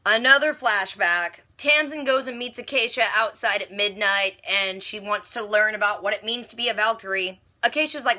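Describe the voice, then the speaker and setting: A young woman talks through an episode recap in a casual, chatty way, slipping into quick quoted asides for each character. Her voice sits a little high and sounds bright and sharp. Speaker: reaction video host.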